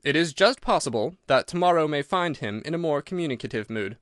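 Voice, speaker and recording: A sharp-minded detective who lays out his reasoning in a crisp, assured manner , as a male audiobook reader puts him on. The voice sits a little above the reader's own, with a bit more push. Dry, close recording. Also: on the high side, expressive, a little fast, dry recording. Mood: explaining. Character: cool, incisive male detective. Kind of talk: audiobook character reading.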